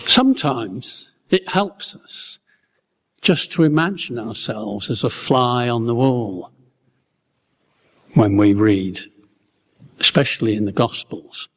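A man's voice: mid-range voice, lively intonation, takes it slowly, long pauses. A man, a preacher telling a Bible story as a wry, musing first-person bystander. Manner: wry, musing storyteller who acts out his own wondering. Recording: long hall reverb.

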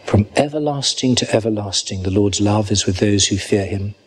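A man preaching a sermon at a church service, earnest and reading scripture slowly and deliberately. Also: on the low side.

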